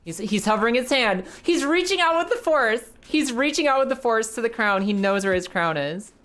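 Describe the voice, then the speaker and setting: A young woman streamer with a fairly high, slightly bright voice talks briskly with lively intonation. She chats casually with her live chat while playing a game, giving commentary and swearing now and then.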